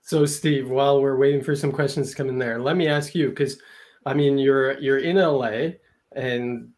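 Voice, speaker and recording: A man co-hosting a relaxed conversation, with a mid-range voice. He laughs easily and leans on plenty of fillers as he talks. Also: mid-range voice, moderate pace. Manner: laid-back, laughs easily, lots of fillers. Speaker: co-host. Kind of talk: casual chat.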